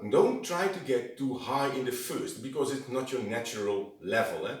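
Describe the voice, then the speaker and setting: A man whose first language is Dutch gives an informal singing lesson. He talks haltingly, keeps demonstrating low sung tones and tags his sentences with a questioning "eh?". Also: expressive. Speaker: vocal instructor. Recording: very echoey room, from a distance.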